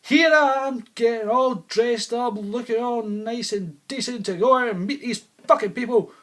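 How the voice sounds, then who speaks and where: A man putting on the voice of his indignant, tearful wife during a comedy routine, loud and shrill. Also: steady tone, brisk, creaky. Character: angry, tearful wife, middle-aged woman.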